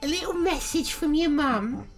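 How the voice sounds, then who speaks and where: A woman's voice: sits high, normal speed, soft background music, voice pushed up, lightly acted. A woman voicing a fussy, doting mother who coos and calls her son dearie. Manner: cooing, calls him dearie.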